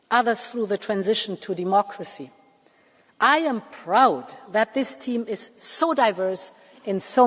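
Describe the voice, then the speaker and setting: A woman in her sixties giving a formal speech to a parliament, measured and emphatic, with deliberate pauses. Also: fairly high pitch. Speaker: Commission president addressing parliament. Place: large parliament chamber. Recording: long reverb of a large hall.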